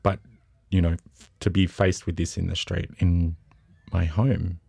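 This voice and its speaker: A man's voice: deep voice, measured pace, creaky, husky, dry recording. A man with an Australian accent, a festival co-director, telling personal stories in a casual interview and acting out the quoted voices. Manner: animated anecdotes, acts out quotes.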